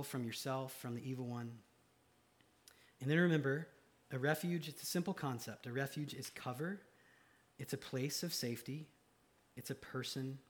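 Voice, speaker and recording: A man preaching a sermon in a casual, animated way, swinging from loud excited asides to quiet emphasis. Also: a little high. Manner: casual slang-filled preaching. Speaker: pastor.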